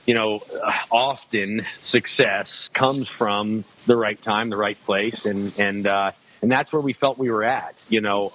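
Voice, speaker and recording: A man's voice: medium pitch, a bit bright. A man, a guest on a podcast, talking casually about his outdoor show. He rambles, restarting his sentences and filling them with "you know" and "um.". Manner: rambling, many restarts and fillers. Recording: slightly dull lo-fi sound, faint noise.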